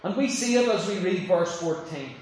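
A man preaching a sermon, dramatic, acting out the voices he quotes and dropping from loud to hushed. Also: high voice, lively intonation, normal speed. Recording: very echoey, from far off the mic, faint noise.

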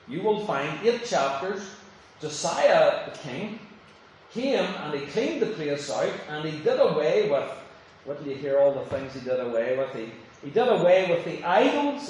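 A man preaching a sermon, dramatic, acting out the voices he quotes and dropping from loud to hushed. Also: high voice. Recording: very echoey, from far off the mic, faint noise.

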